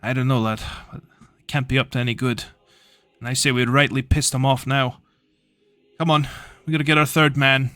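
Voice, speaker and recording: A man voicing a gruff, commanding male mage with a Scottish accent, swearing as he gives orders. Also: mid-range voice, flat delivery, brisk, bright, forceful tone, no echo, natural voice.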